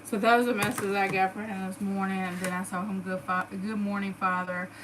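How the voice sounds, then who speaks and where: A woman's voice: medium pitch, level tone, a little fast, noisy background. A woman with a Southern US accent chatting to her followers, emotional and full of fillers. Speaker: vlogger. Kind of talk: casual storytelling to followers.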